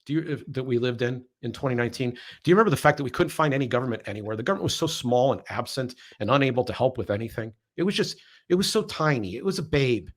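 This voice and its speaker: Man, podcast host, political commentary, sarcastic, emphatic, middle pitch. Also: animated, fast, hardly any pauses. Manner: sarcastic, emphatic, repeats words when building a point.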